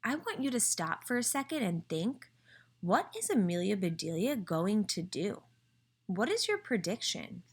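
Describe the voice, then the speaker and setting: Expressive woman teacher reading aloud. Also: medium pitch. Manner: clear, expressive, pauses to ask prediction questions. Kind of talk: reading a picture book aloud to children.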